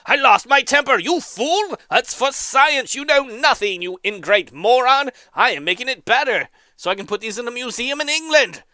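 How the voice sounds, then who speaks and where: A man's voice: mid-range voice, very animated, slow pace, hardly any pauses, no echo, clean studio sound, voice pushed down, full character voice. A man voicing a hot-tempered, pompous Victorian explorer who rants and hurls haughty insults. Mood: furious. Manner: ranting, haughty, shouting insults.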